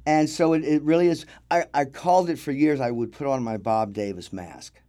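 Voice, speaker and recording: A middle-aged film crew grip, a guest in a casual interview, tells stories at normal speed in a mellow, medium-pitched voice, acting out the voices of the people he quotes.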